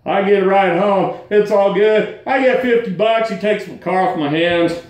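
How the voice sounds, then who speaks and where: High-pitched dude rambling a car story, slangy, super echoey room. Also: male voice, moderate pace. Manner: animated, acts out quoted lines with jumps in pitch; slangy, folksy. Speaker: vlogger. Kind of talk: casual storytelling to camera. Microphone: phone held at arm's length.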